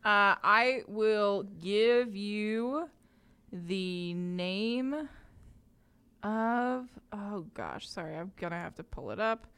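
A woman's voice: mid-range voice, animated, drawn-out words, a bit bright, smooth. A woman narrating a tabletop role-play game as game master, hesitant and full of fillers. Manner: hesitant, lots of fillers, laughs easily.

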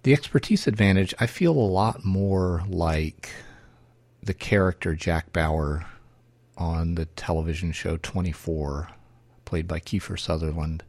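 A man's voice: low voice, unhurried, a little mellow, no room sound. A man hosting a solo podcast, thinking aloud in a wry, self-correcting way. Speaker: podcast host.

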